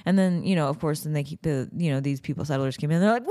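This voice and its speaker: A woman hosting a daily podcast talks in a loose, chatty way. Her voice sits a little low. She keeps slipping into playful asides and silly voices. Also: fast talker, dark tone. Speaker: podcast host. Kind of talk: casual chat.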